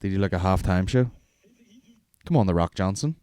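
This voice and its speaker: A man's voice: sits low, animated, moderate pace, warm tone, clean tone, no echo. Rambling, profane man. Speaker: podcast host. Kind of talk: casual chat.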